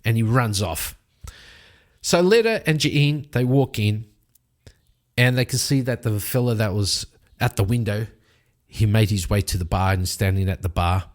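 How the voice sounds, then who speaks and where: A man's voice: on the low side, unhurried, long pauses. A man narrating a solo tabletop game in a casual, rambling way, often correcting himself.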